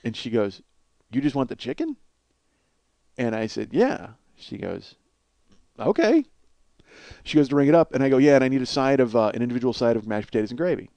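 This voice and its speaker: In a medium-pitched, mellow voice with vocal fry, a man hosting a comedy podcast speaks briskly and very animatedly, yet with long pauses, and there is no echo. He has a cold sore on his face and rambles through a profane, self-deprecating comic story, laughing at his own jokes.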